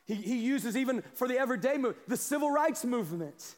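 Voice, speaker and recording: A man preaching a sermon as pastor, moving from quiet asides to shouted calls. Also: very high voice, lively intonation, a little fast, hardly any pauses. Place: church sanctuary. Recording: long hall reverb. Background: congregation responding.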